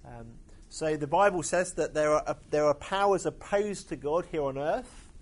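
A man's voice: a little high, normal speed. Hesitant man preaching a sermon. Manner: hesitant, many fillers.

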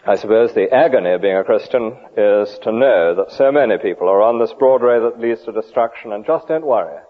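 A man's voice: on the low side, animated, brisk. A man preaching a sermon, rhetorical with vivid emphasis and dry humour. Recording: tinny, phone-like old radio broadcast.

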